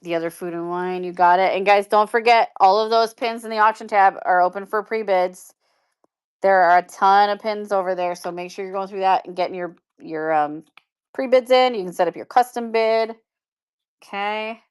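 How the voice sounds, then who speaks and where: A woman's voice: mid-range voice, normal speed, smooth. A woman hosting a live-stream pin auction, chatting casually and upbeat with viewers and laughing often. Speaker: live shopping seller.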